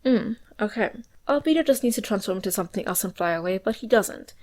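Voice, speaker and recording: A woman's voice: mid-range voice, lively intonation, fast talker, background noise. A woman in her twenties giving sarcastic, wry scripted recap commentary on a cartoon. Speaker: video reviewer.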